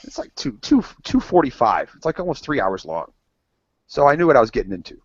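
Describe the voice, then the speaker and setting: A man's voice: mid-range voice, huge pitch swings, fairly quick, slightly rough, no echo. A man co-hosting a casual podcast with friends, rambling through stories, swearing freely and acting out what people said. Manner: rambling storyteller, swears freely, acts out quotes. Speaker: co-host. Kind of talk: casual banter among friends. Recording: dull lo-fi podcast audio.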